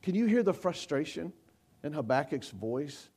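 A man's voice: a little high, very animated, moderate pace, a little mellow, breathy edge. A male pastor preaching a sermon, emphatic and repetitive, his voice rising into cries when he quotes scripture. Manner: repeats and restarts words.

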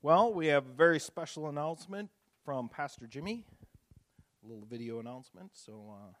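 A man preaching a communion sermon, telling the story casually with fillers, rising to loud emphatic peaks and dropping to hushed softness. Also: fairly high pitch, expressive, a little fast, no room sound. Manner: casual, repeats words and uses fillers. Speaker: pastor leading communion.

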